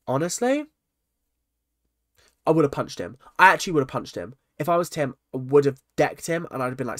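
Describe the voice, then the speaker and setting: A man's voice: medium pitch, animated, moderate pace, no room sound, clean studio sound. A young man ranting in casual commentary on a reality show, chatty and exasperated. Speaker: reaction vlogger.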